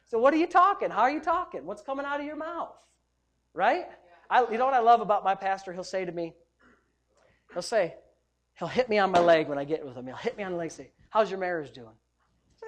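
Middle-aged male pastor, lively joking sermon delivery. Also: high voice, a little fast. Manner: animated, joking, preacherly exclamations.

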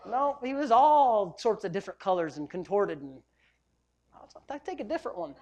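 Middle-aged male pastor, lively joking sermon delivery. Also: sits high, normal speed. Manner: animated, joking, preacherly exclamations.

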